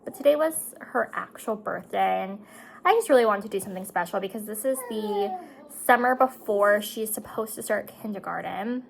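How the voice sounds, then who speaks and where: A woman's voice: medium pitch, expressive, moderate pace, creaky, low-quality recording. A woman in her thirties chatting casually to her viewers while doing her makeup, talkative and emotional, tearing up at times. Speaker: beauty vlogger and mother.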